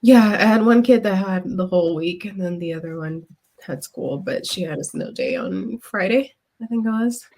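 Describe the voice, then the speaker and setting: A woman's voice: mid-range voice, moderate pace, a little mellow. A woman co-hosting a podcast, rambling casually with frequent laughs and the odd swear. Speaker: podcast co-host. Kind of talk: casual chat.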